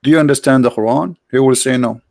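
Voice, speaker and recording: A man's voice: mid-range voice, quick pace, gravelly, darkish tone, no room sound. A man from the Arab world with Arabic as his first language, hosting a confrontational religious debate, pressing the same questions over and over in broken English. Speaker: debate host.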